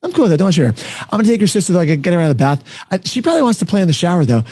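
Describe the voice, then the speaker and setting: Fast-talking upbeat man hosting. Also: sits high, very animated, warm tone, husky, no echo. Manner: fast, upbeat, enthusiastic storyteller. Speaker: podcast host. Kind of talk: casual panel chat.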